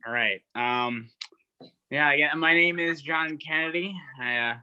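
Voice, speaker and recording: A man of twenty performing a stand-up set, self-deprecating and halting, with lots of fillers. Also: fairly high pitch, bright, forceful tone, clear, resonant tone, no room sound, dull audio. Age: 20s. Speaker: stand-up comic. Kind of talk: stand-up set over a video call.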